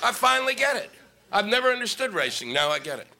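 A man doing a stand-up comedy set on stage, ranting and swearing with shouted bursts. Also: high-pitched, big pitch swings, quick pace. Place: comedy stage before a live audience. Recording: live stage mic with noisy audience.

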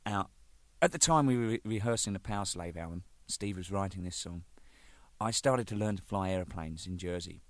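A man's voice: low-pitched, a little fast, no room sound. A man, a band's drummer, telling casual anecdotes with lots of swearing and laughter. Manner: animated, swearing, laughing, acting out exchanges. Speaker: band's drummer recalling its singles.

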